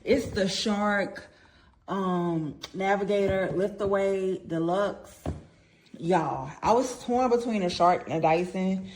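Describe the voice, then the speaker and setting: A woman's voice: mid-range voice, slow pace. A woman, gushing in a casual vlog, talking to her viewers and out of breath. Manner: gushing, chatty, addresses viewers as y'all. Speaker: product reviewer.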